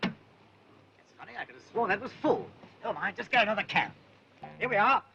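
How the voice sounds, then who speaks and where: A man's voice: high-pitched, very animated, normal speed, lo-fi sound, full character voice. An actor playing a helpful man who owns a motorboat, talking in a hearty, matter-of-fact way. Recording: 1960s film soundtrack with loud music.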